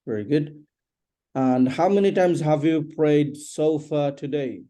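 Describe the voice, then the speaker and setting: A man teaching an English lesson one on one, patiently repeating questions and explaining slowly. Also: fairly high pitch, warm tone.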